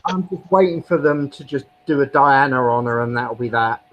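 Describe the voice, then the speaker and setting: A man's voice: mid-range voice, moderate pace, dull audio. A man in casual chat, arguing his points bluntly. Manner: argumentative, blunt.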